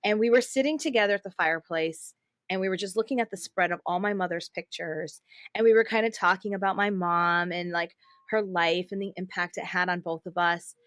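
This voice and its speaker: A middle-aged woman hosting a faith podcast, telling a personal story in an earnest, heartfelt way with soft fillers. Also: fairly low pitch, brisk, dry recording. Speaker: podcast host. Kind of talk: casual faith podcast conversation.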